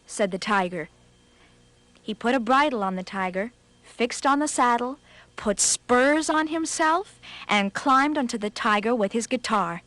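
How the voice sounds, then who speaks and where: A woman narrating a children's storybook in a scripted, expressive read, slowing for effect. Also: a little high, no room sound.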